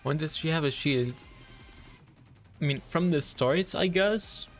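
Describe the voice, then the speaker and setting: A man streaming a game, excitedly thinking aloud and talking to his chat. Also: on the high side, takes it slowly. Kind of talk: live game commentary. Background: faint game music.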